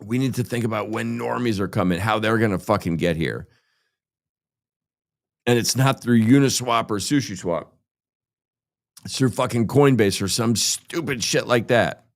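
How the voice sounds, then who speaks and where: A man's voice: lowish voice, moderate pace, gravelly, long pauses. A man hosting a crypto show, ranting heatedly and sarcastically with constant swearing. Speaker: crypto podcast host. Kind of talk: profane ranting monologue.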